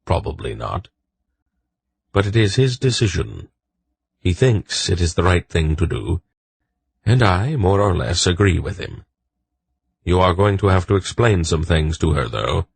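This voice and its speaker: A man's voice: low voice, sing-song, a little slow, gravelly, long pauses, slightly rough, dry recording, heavily acted. A man voicing an old male wolf pack leader who speaks in a commanding, dry, decisive way in an audiobook.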